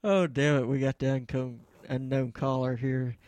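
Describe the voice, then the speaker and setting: A man's voice: mid-range voice, little pitch movement, normal speed, a little mellow, dry recording. A man hosting a casual internet radio show, laid-back and joking as he takes calls. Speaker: host.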